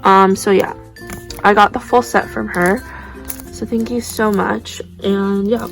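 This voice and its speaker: A young woman chatting casually as she unboxes squishy toys, gushing and gasping with excitement. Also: medium pitch, measured pace, gravelly, over music. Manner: excitable, gushing, breathless gasps.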